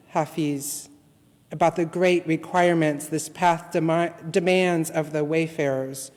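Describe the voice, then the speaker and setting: A man serving as guest minister, reading a litany and a poem aloud in worship with a slow, measured, solemn delivery. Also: fairly high pitch, darkish tone. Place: church sanctuary. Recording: long reverb from a large hall.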